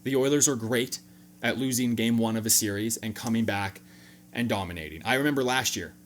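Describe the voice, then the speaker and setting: A man hosting a sports fan reaction video. He breaks down the game casually and jokingly, with sudden animated jumps. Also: medium pitch, a little fast, slight background noise.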